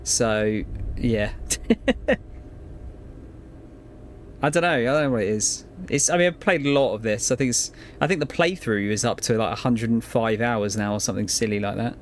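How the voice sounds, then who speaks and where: During a live game stream, a man with a mid-range voice chats casually with viewers at a normal speed, rambling in a laid-back way and often swearing and laughing. A little hiss or hum sits under the recording.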